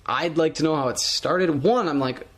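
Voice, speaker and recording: A man co-hosting a podcast in casual chat, talking in a measured, hedging way. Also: a little high, fairly bright tone. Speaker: podcast co-host.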